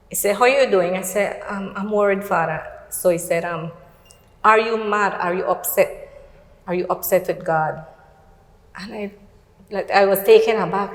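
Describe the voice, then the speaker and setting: A middle-aged woman with a Belizean accent shares a personal faith testimony as a guest on a talk show, speaking at a medium pitch. She tells her story earnestly, relaying events through quoted dialogue. The sound is roomy, as if recorded in a large hall.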